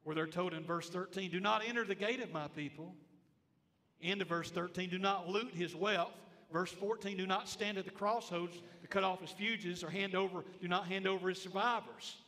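A man delivers a sermon from the pulpit, his voice high-pitched and bright. He presses each point by repeating it and quizzing the congregation. The church hall carries a long reverb behind him. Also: steady tone, moderate pace. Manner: emphatic, repeats phrases, asks the congregation questions. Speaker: pastor. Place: church sanctuary.

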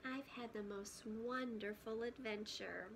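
A woman voicing an excited little baby bird girl in a storybook reading, squeaky and eager. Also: unhurried, creaky, noisy background.

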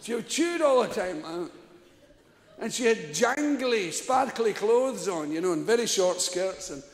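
A man's voice: high voice, animated, a little slow. An older Scottish man telling a stand-up story, laughing often, swearing freely and acting out the people he quotes. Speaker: stand-up comedian. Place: large theatre stage. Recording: echoey hall, live stage recording.

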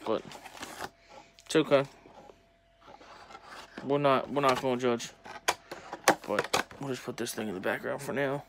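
A young man talking casually to viewers while opening sports cards, chatty and excitable. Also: medium pitch, unhurried, long pauses, background noise. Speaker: sports card collector opening packs. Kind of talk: casual pack-opening vlog.

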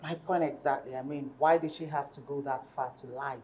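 A woman's voice: extremely low pitch, steady tone, a little fast, warm tone, husky. An actress with a Nigerian accent playing a smug young woman who talks in a whiny, dismissive way. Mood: gossiping. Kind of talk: Nollywood film acting.

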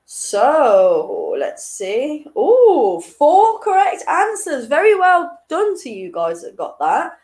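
Young woman, quiz host, high and lively, unhurried, chatty and giggly. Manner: chatty and giggly, reading questions twice, tripping over words. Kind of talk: casual online quiz hosting.

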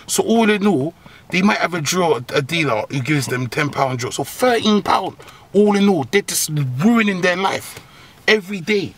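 A man giving comic advice as a host, in a profane, slang-heavy rant full of laughs and sudden high squeals. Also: a bit bright, a little hiss or hum. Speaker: agony-uncle comedy host.

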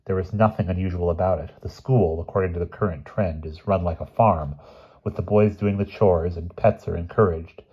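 A man reading a literary short story aloud in a measured, unhurried storytelling manner. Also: sits low, steady tone, breathy edge, dull audio. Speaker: audiobook reader.

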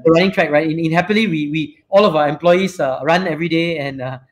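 A man's voice: on the high side, fast talker. A man with a Malaysian English accent hosting a casual live-stream chat. He rambles freely, tagging sentences with "right?" and lots of fillers. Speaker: show host and company CEO.

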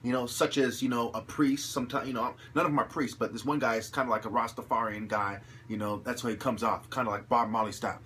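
A man delivering an angry, profane monologue to his viewers, ranting aggressively and rising to shouts. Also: medium pitch, fairly even intonation, fast talker, few pauses, slight background noise. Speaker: channel host.

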